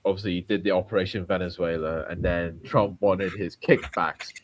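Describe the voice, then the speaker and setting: A man co-hosting a casual political podcast, explaining his points in a measured way. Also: deep voice, fairly even intonation.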